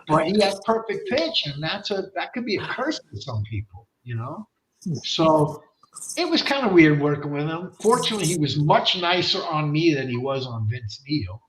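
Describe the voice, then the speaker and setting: A man guesting on an interview show, telling a rowdy, profane story in an animated way and acting out the voices of the people in it. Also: a little high, moderate pace, roomy sound, slight background noise, rough recording. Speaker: guest rock singer.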